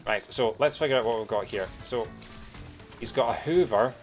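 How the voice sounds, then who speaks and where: A man's voice: medium pitch, normal speed, faint music behind. A man streaming a video game, chatting with viewers in a rambling, casual way. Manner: chatty, rambling with many fillers. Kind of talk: casual live-stream commentary.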